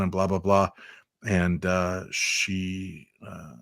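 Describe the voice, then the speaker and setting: A middle-aged man, a radio guest, recounting a personal story in a measured, reflective way, with hesitant fillers. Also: sits low, flat delivery, creaky, fairly bright tone, dry recording, clean studio sound.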